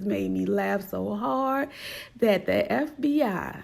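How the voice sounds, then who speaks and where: A woman telling a personal story casually and with animation, acting out quoted lines in a higher voice. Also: slow pace, creaky, darkish tone.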